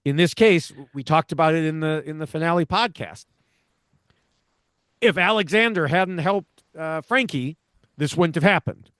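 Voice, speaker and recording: Middle-aged male co-host, higher register, dry close mic, analytical commentator. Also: a bit bright, no room sound. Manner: measured and analytical, with frequent "you know" fillers. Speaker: podcast co-host, reality TV commentator. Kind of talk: casual podcast discussion.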